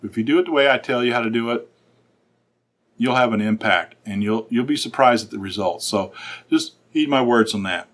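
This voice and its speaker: A middle-aged man, a fraternal order's state secretary, giving earnest instructional advice to council leaders with frequent pauses. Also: medium pitch.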